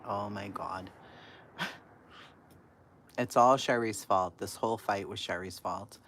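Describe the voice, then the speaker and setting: Animated, swearing woman telling stories. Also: rumbling low, slow pace. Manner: animated, profane, laughs often, swings from loud to hushed. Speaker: livestream host. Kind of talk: casual storytelling to a live chat.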